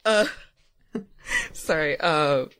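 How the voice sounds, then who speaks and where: A woman playing a tabletop game in casual talk, halting with many fillers and laughs. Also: low-pitched, expressive, fairly bright tone, clean tone, no room sound.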